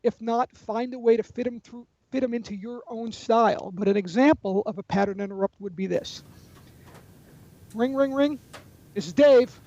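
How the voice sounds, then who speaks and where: High-pitched and darkish, this man's voice stays steady and brisk, with hardly any pauses, on a dry recording with the highs cut off. He's a guest sales trainer and author explaining call techniques in a webinar. His manner is confident and coaching, and he role-plays example phone calls.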